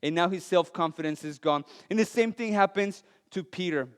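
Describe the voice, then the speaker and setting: A male pastor with a non-native, Latin American accent, preaching a sermon with earnest storytelling and light self-deprecating humor, his voice dropping soft and low on weighty lines. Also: normal speed, clear, resonant tone. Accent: non-native English, Latin American. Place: church sanctuary. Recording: long church hall reverb.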